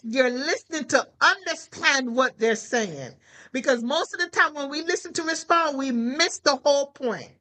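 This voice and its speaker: High-pitched, bright-voiced preaching woman. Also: poor audio. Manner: lively exhortation, rhetorical questions. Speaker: minister. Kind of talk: preaching to a prayer call.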